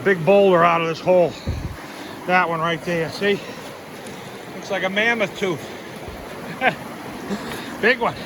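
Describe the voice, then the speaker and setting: Guy with a highish voice filming himself at the river, chatty and easygoing, water rushing loud behind him. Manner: chatty, easygoing, talks while eating and working. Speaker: vlogger, gold prospector. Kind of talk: casual outdoor vlog narration. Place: outdoors by a river. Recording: loud river noise outdoors.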